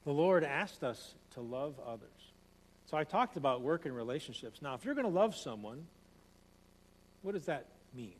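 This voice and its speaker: A man's voice: on the high side, lively intonation, moderate pace. A man preaching a conversational sermon as pastor, repeating phrases and speeding up as he tells stories. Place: church sanctuary. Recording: long hall reverb, faint hum.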